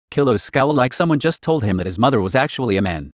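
A man reading a first-person fan fiction story aloud in an even, flat manner. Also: mid-range voice, fast, hardly any pauses, no echo, studio quality. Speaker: narrator.

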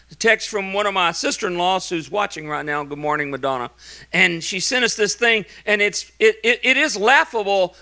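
Folksy pastor with a bright, forceful voice. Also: male voice, sits high. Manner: folksy, joking asides between emphatic preaching. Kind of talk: sermon. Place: church sanctuary.

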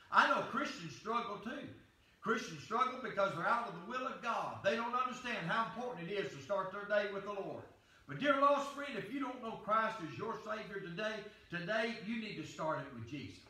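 Male pastor, fervent sermon; bright, tense voice in a roomy echo. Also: high voice, distant mic. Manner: fervent, repeats "dear friend".

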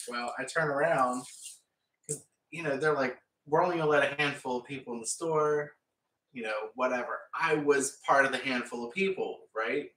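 A man's voice: mid-range voice, moderate pace, a bit bright. A man chatting casually and rambling as he paints, with frequent laughs. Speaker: painting vlogger. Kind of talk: casual chat while painting. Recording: echoey room, mic far off.

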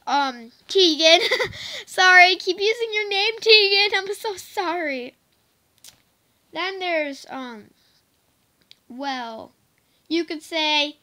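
A woman's voice: high-pitched, very animated, slow pace, sharp tone. A female vlogger chatting casually to the camera, giggly and apologetic, rambling with lots of fillers. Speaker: vlogger teaching softball cheers.

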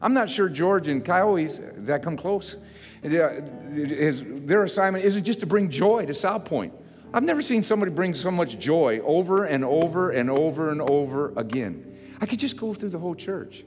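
Older male pastor, folksy sermon, slightly high voice, church hall reverb, faint music behind. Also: expressive, moderate pace. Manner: folksy, self-mocking preaching that swells to loud emphatic repetition. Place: church sanctuary.

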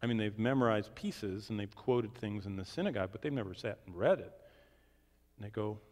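A man teaching the Bible in a question-and-answer session, swinging from emphatic declarations to hushed asides. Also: lowish voice, fast talker. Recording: long reverb of a large hall.

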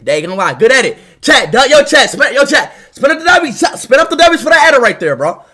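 High, excitable young male streamer. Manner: loud, excitable, swears often, talks fast to chat. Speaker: livestreamer. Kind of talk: live stream reacting to chat.

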